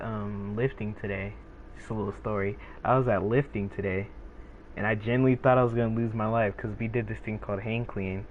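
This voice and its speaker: Laid-back young man rambling, tinny sound. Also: lowish voice. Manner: rambling, laid-back, many fillers and restarts. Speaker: gaming streamer. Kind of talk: casual rambling chat with viewers. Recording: tinny phone-like sound with faint noise.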